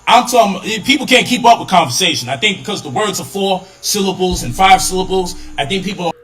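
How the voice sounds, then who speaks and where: A man's voice: sits high, brisk, fairly bright tone, faint music behind, low-quality recording. A man giving emphatic, lecturing commentary on a live online show.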